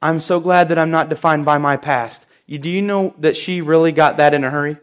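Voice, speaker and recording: A middle-aged man preaching a sermon in church, telling stories and stressing key phrases with slow, emphatic repeats. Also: fairly high pitch, fairly even intonation. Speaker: pastor.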